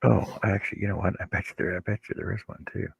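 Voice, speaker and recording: A man co-hosting a casual chat, explaining haltingly and repeating words. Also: low-pitched, fairly even intonation, creaky, husky, no room sound, dull audio. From Canada. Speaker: livestream co-host.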